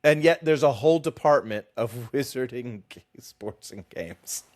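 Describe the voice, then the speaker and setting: A man co-hosting a casual book podcast, animated and teasing, laughing often as he talks. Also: medium pitch, a little slow. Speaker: podcast co-host.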